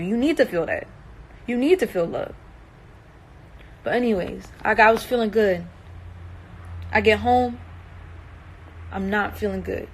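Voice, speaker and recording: A woman's voice: mid-range voice, animated, measured pace, pauses often, husky, low-quality recording. A young woman in a distressed, emotional livestream monologue, earnest and emphatic, repeating herself and swearing.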